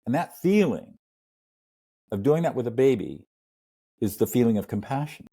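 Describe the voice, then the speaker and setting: An older man, a mediator and podcast guest, telling stories in an earnest, animated way and acting out little scenes. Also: mid-range voice, moderate pace, breathy edge. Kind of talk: storytelling interview talk.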